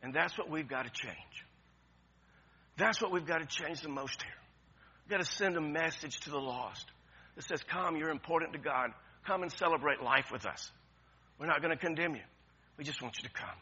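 Preaching at a moderate pace with long pauses, this pastor's slightly high voice is bright and forceful with a breathy edge. His impassioned sermon is repetitive and full of restarts, and the recording loses its high frequencies.

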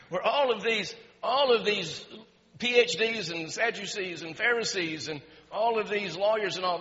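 A man preaching a sermon, animated, rising to near-shouts and laughing as he goes. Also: high-pitched. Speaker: pastor. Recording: muffled sound with long hall reverb.

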